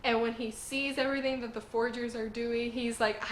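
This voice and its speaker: A woman with a voice a little higher than most talks casually through a review. She is enthusiastic and breaks into giggles, filling gaps with "like." The room adds a noticeable echo, and a faint ambient hum sits underneath. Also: flat delivery, moderate pace, few pauses. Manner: giggly, enthusiastic, says "like" a lot. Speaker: anime and manga reviewer.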